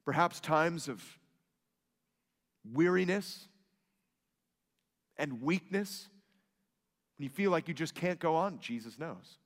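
Male pastor, dynamic sermon delivery, slightly high voice, long hall reverb. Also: lively intonation, slow, pauses often. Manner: dynamic preaching, swings between loud emphatic rises and soft hushed lines.

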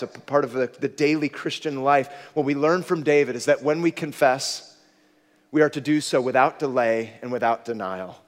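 A man preaching a sermon, telling stories with lively acted outbursts, then turning quiet and earnest. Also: mid-range voice. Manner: animated storytelling, bursts into loud acted exclamations, drops to a quiet earnest tone. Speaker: pastor. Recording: long hall reverb.

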